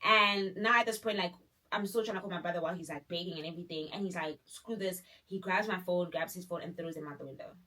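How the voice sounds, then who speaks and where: A young woman, telling a dramatic personal story in a casual, animated way full of fillers. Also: lowish voice, fast. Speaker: vlogger.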